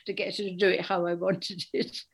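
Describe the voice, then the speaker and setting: Animated older woman telling stories. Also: lowish voice, a little fast, gravelly, husky. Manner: animated storyteller, acts out quoted voices. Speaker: interview guest, author. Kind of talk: casual interview chat.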